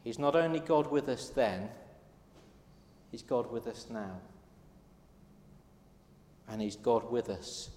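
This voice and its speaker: Male preacher, mid-pitched, earnest sermon delivery, big reverberant church hall. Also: lively intonation, slow pace, long pauses, a little mellow. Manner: earnest, storytelling with quoted dialogue. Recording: echoey hall with long reverb.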